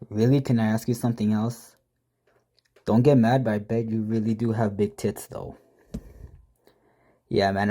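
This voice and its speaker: A man's voice: lowish voice, warm tone. A man casually telling a prank story, reading out text messages with profane, mocking, exasperated commentary.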